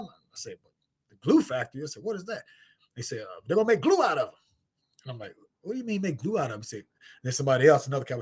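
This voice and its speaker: A middle-aged man from St. Louis with a husky voice tells a story in casual talk, acting out the other people's lines in high voices and laughing often. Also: big pitch swings, quick pace. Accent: St. Louis, African American Vernacular English. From St. Louis, USA. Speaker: guest storyteller, martial artist.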